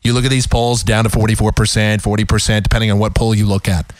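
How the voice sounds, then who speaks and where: A man's voice: lowish voice, level tone, quick pace, dry recording. A man hosting a talk radio show, ranting sarcastically in an opinionated monologue. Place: radio studio.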